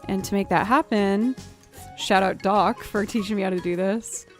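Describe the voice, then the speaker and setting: A woman musician chatting casually with her stream viewers, self-deprecating and laughing often, her pitch jumping up when she is surprised. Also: steady tone, normal speed. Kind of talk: casual live-stream chat. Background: faint music.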